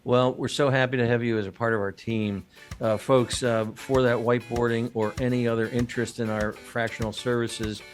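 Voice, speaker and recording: A man's voice: medium pitch, little pitch movement, moderate pace, faint music behind. A man hosting a business podcast, chatting casually and joking, with many fillers and restarts. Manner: rambling, jokey, many fillers. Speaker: podcast host.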